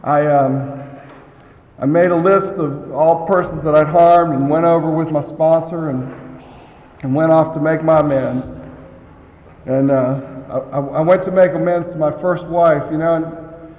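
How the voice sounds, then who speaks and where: A man's voice: on the high side, steady tone, unhurried, a little mellow, muffled recording. A man telling a candid, humorous recovery story, chuckling often as he talks. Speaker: speaker sharing a recovery story. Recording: echoey hall with long reverb.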